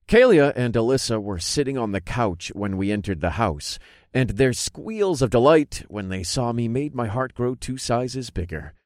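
A man narrating a first-person fantasy audiobook with an expressive storytelling delivery. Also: mid-range voice, normal speed, dry recording, studio quality.

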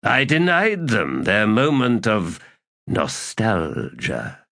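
A man voicing a cruel, mocking male figure with a slow, sneering delivery. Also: on the low side, huge pitch swings, creaky, pushed and bright, pitched above the performer's own voice, exaggerated voice.

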